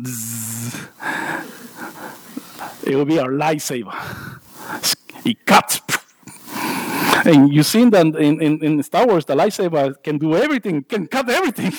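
The voice is on the high side, captured in a dry, low-quality recording of a church sermon. The preacher, a man with a non-native English accent, makes self-deprecating jokes and asides and keeps stumbling into restarts.

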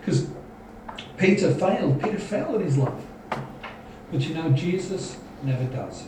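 A man's voice: on the high side, expressive, measured pace. A man preaching a sermon in an earnest, questioning, exhorting manner. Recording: echoey hall, from far off, faint noise.

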